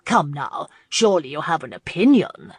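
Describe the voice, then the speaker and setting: A woman's voice: sits low, sing-song, moderate pace, slightly rough, no room sound, studio quality, heavily acted. A woman voicing a blunt, impatient older lady who presses for an answer in a storybook reading. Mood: brusque.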